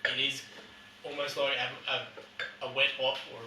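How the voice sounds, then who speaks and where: Man, very bright tone, meandering casual talk, echoey room, distant mic. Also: medium pitch, level tone, unhurried, slight background noise. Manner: meandering, laughs often. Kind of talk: casual chat.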